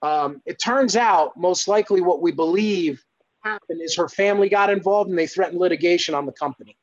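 High-voiced man telling his testimony. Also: brisk, dull audio. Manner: earnest, lively, acts out exclamations. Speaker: guest sharing a faith testimony. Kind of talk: animated personal storytelling.

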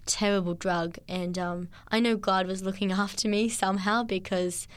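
A woman, speaking in an interview with an earnest, halting manner and many restarts. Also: mid-range voice, steady tone, clean tone. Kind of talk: testimony interview.

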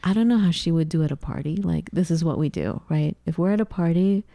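A woman's voice: deep voice, expressive, fast talker, gravelly, mellow, dry recording. A woman co-hosting a casual talk show from a home kitchen, chatty, gushing and playful. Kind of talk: casual chat.

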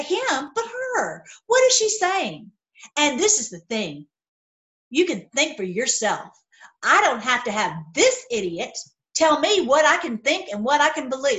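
Brief: middle-aged woman, high voice, impassioned solo commentary, stumbling restarts. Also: a bit bright, poor audio. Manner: impassioned, heated, repetitive restarts. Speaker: video commentator. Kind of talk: casual opinion monologue.

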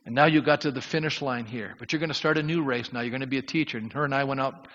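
A man's voice: mid-range voice, fast, fairly bright tone, big-room sound, highs cut off. A man preaching as a pastor, with a conversational, chatty sermon manner and frequent casual asides. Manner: conversational preaching with many "you know" asides.

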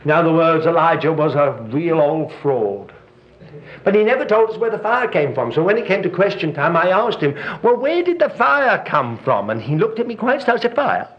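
An older man preaches a sermon and tells stories with dry, mischievous humor. His fairly high voice swings widely up and down. The recording is roomy and a little dull, with a faint hiss behind him. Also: a little fast. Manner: lively storytelling with dry humor and chuckles. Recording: roomy, dull, slightly noisy hall recording.

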